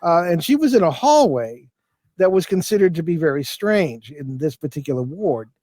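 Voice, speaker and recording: A man's voice: on the high side, very animated, normal speed, warm tone, dry recording. An older man, a guest in an interview, telling a long anecdote in a loose, rambling way with many restarts and fillers. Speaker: guest, paranormal investigator. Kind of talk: casual storytelling interview.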